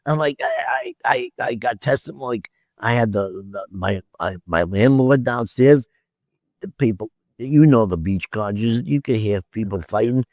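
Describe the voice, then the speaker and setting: A man with a low voice recounts a story in loose, casual talk, tripping over his words and restarting often. He acts out what each person said and swears freely. The sound is dry and close. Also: unhurried, darkish tone, no echo. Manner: rambling, stammers and repeats, acts out quoted dialogue with frequent swearing. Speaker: podcast guest.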